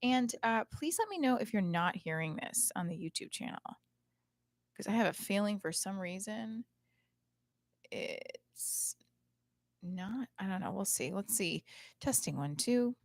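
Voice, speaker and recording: A woman's voice: medium pitch, expressive, unhurried, vocal fry, pauses often, no echo. A chatty woman in her thirties talks straight to her listeners in a loose, rambling way, swearing and trailing off into fillers. Her voice sits in an ordinary middle range. The recording is close and dry, with no room sound. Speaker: podcast host. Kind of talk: casual live-stream monologue. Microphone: home setup, streaming and recording at once.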